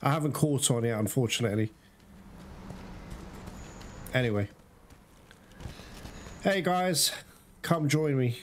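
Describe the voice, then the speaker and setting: A man giving casual gameplay commentary, talking straight to his viewers and quickly cursing when things go wrong. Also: mid-range voice, expressive, slight background noise. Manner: talks straight to viewers, quick to curse in frustration. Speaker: gaming video host.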